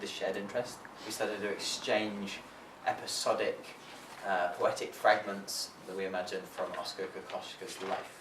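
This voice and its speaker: Low-voiced guy reading poetry, steady and measured, roomy echo, faint hum behind. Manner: measured, with hesitant fillers in the introduction. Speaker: performing poet. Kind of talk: introducing and reading a poetry collaboration. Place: library reading room. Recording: echoey room, voice from far off.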